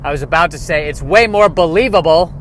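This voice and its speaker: A man riffing through a rambling comedic monologue, self-mocking, dropping quiet and then bursting louder. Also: fairly high pitch, brisk, a little hiss or hum.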